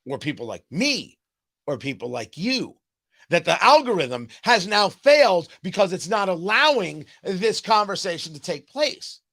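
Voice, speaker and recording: A man hosting a political talk show, delivering a sarcastic, mocking commentary monologue. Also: high voice. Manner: sarcastic, animated, mocking asides.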